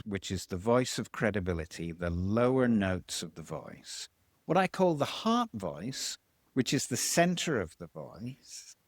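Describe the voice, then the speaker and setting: A man, a voice coach explaining vocal tones in an interview, demonstrating by swinging his pitch high and low. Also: no room sound, clean studio sound.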